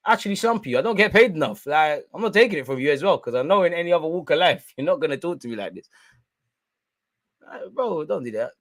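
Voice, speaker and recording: This twenty-something host from London has a slightly high voice and a quick pace, recorded with no room sound. He's commentating live on a football match for a watchalong, full of banter and animated tales in London slang.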